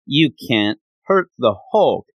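A man doing the Hulk, a gruff boastful giant. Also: mid-range voice, very animated, takes it slowly, dry recording, highs cut off. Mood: scornful. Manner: blunt, scornful. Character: brutish green male giant, gruff and boastful.

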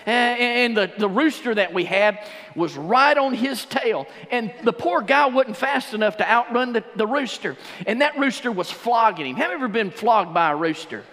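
A man preaching a sermon as pastor, swinging between shouted fervor and hushed, intimate stretches. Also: very high voice, animated, normal speed. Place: church sanctuary. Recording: long church reverb.

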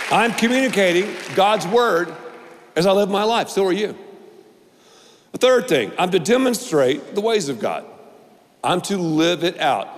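Man, pastor, sermon, emphatic, repeats key lines, playful, long hall echo. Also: sits high. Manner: emphatic, repetitive preaching with playful asides.

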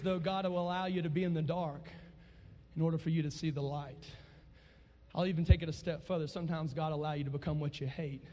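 A young man, preaching a testimony sermon and swinging from loud shouts to hushed low tones. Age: 20s. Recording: long reverb of a large hall.

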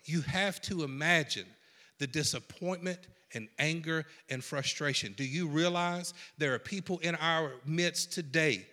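A man preaching a sermon in a folksy, animated way, swinging from hushed lines to shouts. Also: on the high side, measured pace, in a large hall. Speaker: pastor.

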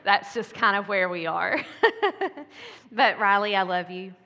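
Her voice mid-range, pushed and bright, the pastor's wife talks slowly through a Mother's Day message. The sermon is relaxed and chatty, peppered with laughing asides, and the sanctuary adds a long church-hall reverb.

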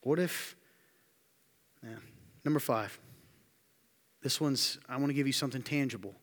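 A man preaching a sermon to a room, firing emphatic questions and dropping to quiet asides. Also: medium pitch, normal speed. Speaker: pastor. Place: church hall with audience. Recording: long hall reverb.

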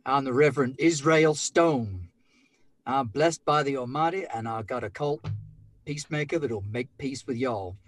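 A man's voice: medium pitch, normal speed, no echo, natural voice. A man doing a folksy frontier preacher. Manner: folksy, old-fashioned phrasing.

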